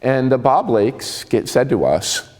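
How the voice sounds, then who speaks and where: A man in his sixties with a New Jersey accent, speaking in a reverberant hall. His pitch swings widely as he tells his stories in an animated, self-mocking way. His voice sits in a middle register for a man. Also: measured pace. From New Jersey, USA. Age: 60s. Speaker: speaker giving a talk. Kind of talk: personal storytelling talk.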